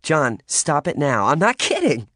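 A man reading an audiobook, voicing a lively, bossy, playful teenage girl in a raised, higher voice. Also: normal speed, no room sound, clean studio sound, close to an everyday voice. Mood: playful protest. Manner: raised, higher-pitched girlish voice. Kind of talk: audiobook character voice.

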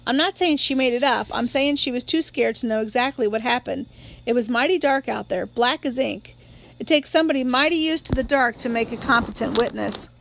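A woman's voice: a little high, fairly quick, creaky, fairly bright tone, a little hiss or hum. A woman voicing a blunt, stubborn male small-town sheriff in his forties who talks in a plain-spoken drawl. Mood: firm.

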